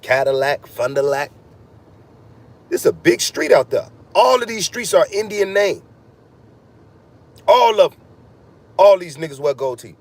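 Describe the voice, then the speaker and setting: A man talks in a heated, profane rant, his voice sitting fairly high. He swears constantly and jumps from point to point in a freewheeling podcast monologue. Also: expressive, unhurried, pauses often. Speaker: podcast host.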